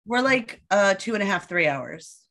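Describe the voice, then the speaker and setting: A woman guest on a podcast, casually telling a story with lively delivery and acted-out quotes. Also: medium pitch, normal speed. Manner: lively storyteller who acts out quoted voices.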